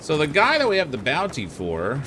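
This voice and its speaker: A man's voice: a little high, wildly swooping pitch, moderate pace, sharp tone, a little hiss or hum. A young man streaming a fantasy game, chatting casually and laughing at himself as he plays. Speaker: gaming streamer. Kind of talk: let's play commentary. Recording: game sounds behind voice. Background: game sound effects.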